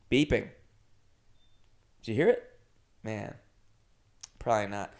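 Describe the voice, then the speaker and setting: Young male solo podcast host, gravelly, casual rambling storyteller, animated bursts. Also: medium pitch. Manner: rambling, animated storytelling with sudden jumps in loudness. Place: his first-floor apartment.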